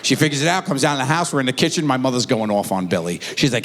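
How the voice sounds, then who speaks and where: A male stand-up comedian on stage, telling stories in a lively voice that swings widely in pitch. His handheld mic carries a long hall echo through a large theatre. Faint ambient room noise sits underneath. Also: very fast. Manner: animated storytelling, acting out characters. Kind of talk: live stand-up performance. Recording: live theatre with long reverb.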